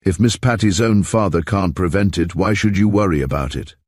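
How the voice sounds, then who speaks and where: A man's voice: low voice, brisk, darkish tone, no room sound, studio quality. A man voicing a blunt, no-nonsense housekeeper woman.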